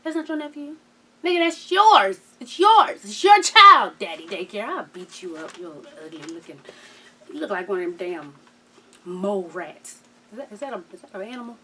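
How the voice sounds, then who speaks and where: Woman vlogger in her 30s, high voice, sassy slangy recap, acts out quotes. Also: expressive, moderate pace, bright, forceful tone, a little hiss or hum. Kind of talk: casual TV recap chat.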